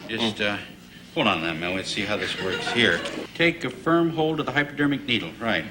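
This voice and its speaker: A man's voice: on the low side, lively intonation, a little fast, close to an everyday voice. An actor playing a nervous, bumbling male dentist in a classic TV comedy sketch, fumbling through his lines. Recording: old TV clip, loud studio audience laughter and noise.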